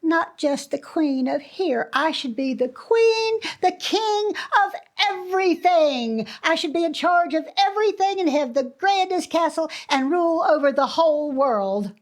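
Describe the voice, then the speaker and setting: A woman voicing a whiny, greedy little old woman who wails and laments in a high, quavering voice. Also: animated, a little slow, few pauses. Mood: wailing.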